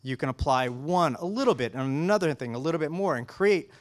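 A man's voice: fairly high pitch, animated, a little fast. A man speaking as a color scientist guest in a casual technical interview, enthusiastic and full of restarts and fillers.

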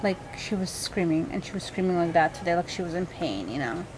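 Her fairly low voice is expressive and a little fast as this vlogger mother, exhausted and unwell, chats to viewers about her sick baby. It's a loose, rambling home vlog recorded at night, with background noise.

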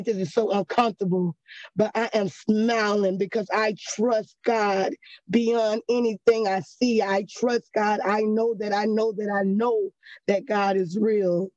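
A woman's voice: medium pitch, dark tone, dry recording, highs cut off. A woman giving a personal testimony in a church class, earnest and conversational, often checking in with her listeners.

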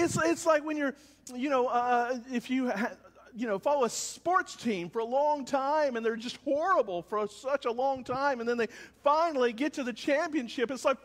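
A man pastor preaching a sermon, swinging between loud calls and quiet, low lines. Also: normal speed, big-room sound. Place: church service, with cars passing by.

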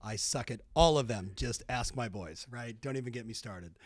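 A man's voice: mid-range voice, moderate pace, no echo, clean studio sound. A man hosting a podcast, chatting casually and joking with his guest. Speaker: podcast host. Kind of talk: casual chat.

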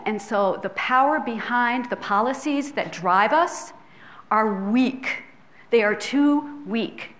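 A middle-aged woman, a public health professor, giving an earnest, conversational lecture in a filmed hall, checking in with the audience as she goes. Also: medium pitch. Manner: earnest, conversational, with tag questions. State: tearful at times.

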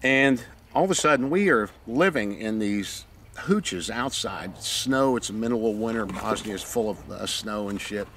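A man's voice: on the low side, normal speed, slight background noise. A retired Navy SEAL, a man, telling war-buddy stories casually with lots of swearing, acting out the scenes. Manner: profane, animated, acts out the scenes.

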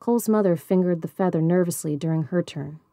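A woman reading a novel aloud in a measured, even storybook narration. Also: lowish voice, vocal fry, no room sound, studio quality. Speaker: audiobook reader.

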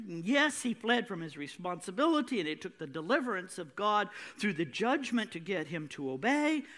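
A man's voice: very high-pitched, pushed and bright. A male pastor preaching a sermon with an emphatic, repetitive cadence.

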